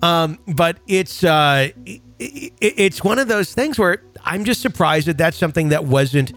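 A man's voice: a little high, animated, measured pace, fairly bright tone, soft background music. A man from Wisconsin hosting a paranormal podcast, rambling casually with laughs and the odd swear. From Wisconsin, USA. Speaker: podcast host.

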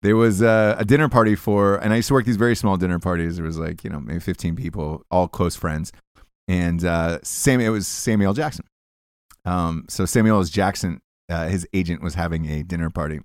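A man's voice: sits low, fairly quick, clear, resonant tone, dry recording, studio quality. A man hosting a podcast, reading ads and telling stories in a profane, rambling casual chat. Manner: profane, rambling, restarts often. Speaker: podcast host.

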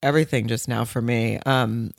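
A woman's voice: very deep voice, fairly even intonation, moderate pace, creaky, no echo, studio quality. A woman with a Boston accent chatting casually as a podcast co-host, laughing often and trying silly impressions. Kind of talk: casual chat.

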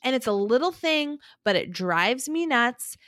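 A woman's voice: on the high side, big pitch swings, a little slow, fairly bright tone, no room sound, studio quality. A woman co-hosting a podcast, ranting lightly in casual chat with a chatty, easygoing manner. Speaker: podcast co-host.

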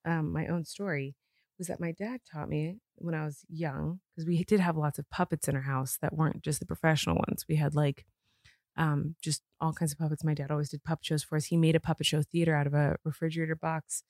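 A woman's voice: low-pitched, fairly even intonation, brisk, darkish tone, no room sound, clean studio sound. A woman co-hosting a podcast from bed at home, chatting casually with lots of "like" fillers and frequent laughter. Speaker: podcast co-host. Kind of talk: casual chat.

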